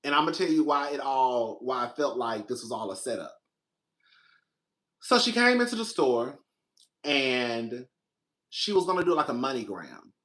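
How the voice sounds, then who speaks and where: Bright-voiced man telling a story. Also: normal speed, pauses often. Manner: animated, jumps into high voice for quoted reactions. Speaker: host. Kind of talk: casual storytelling monologue.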